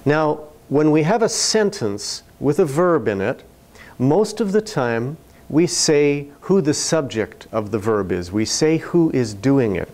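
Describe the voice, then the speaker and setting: Slow, deliberate male teaching narrator. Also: mid-range voice, sing-song, a little mellow. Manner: slow, clear, deliberate explanations. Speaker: ESL video narrator.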